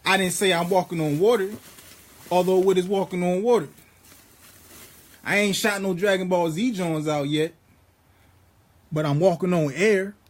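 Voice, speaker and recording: In a rambling spiritual monologue, this high-voiced male vlogger sounds preachy, foul-mouthed and casual like the street. Whenever scripture comes up, he eases his pace and reads it line by line with care.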